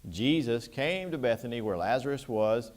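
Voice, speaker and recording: A man's voice: mid-range voice, expressive, normal speed. A man teaching a church Bible class, talking through scripture in a conversational way and putting questions to the class.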